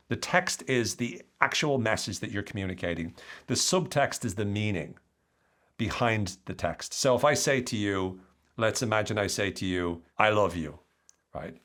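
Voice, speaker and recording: A man with an Irish accent talks through his ideas on a solo podcast. His voice sits low, and he explains in an animated, lively way. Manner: explanatory, animated, acts out quoted lines. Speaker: podcast host.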